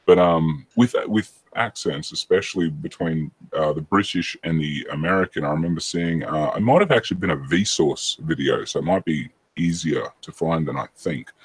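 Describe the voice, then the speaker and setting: A man's voice: very deep voice, normal speed, few pauses, husky, dry recording. A man, chatting casually on a podcast in a rambling, hesitant way that keeps correcting itself.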